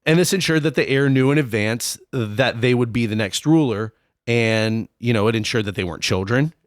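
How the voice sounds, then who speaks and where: A man's voice: medium pitch, moderate pace, no echo, clean studio sound. A man co-hosting a casual podcast, explaining history in a loose, rambling way with many fillers. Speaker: podcast co-host.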